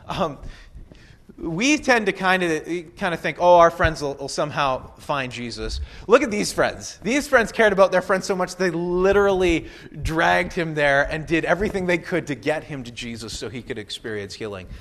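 A man's voice: a little high, animated, normal speed, a bit bright. A man preaching a conversational sermon, walking through a Bible passage with casual asides and playful quoted voices. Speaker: pastor.

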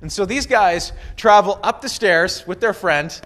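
A man's voice: sits high, unhurried, fairly bright tone. A man preaching a conversational sermon, walking through a Bible passage with casual asides and playful quoted voices. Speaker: pastor.

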